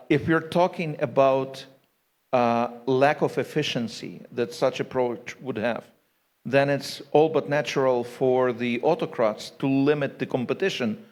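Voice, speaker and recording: A man from Ukraine, a non-native English speaker, moderating a conference panel and asking long framing questions while searching for words. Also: medium pitch. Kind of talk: panel discussion.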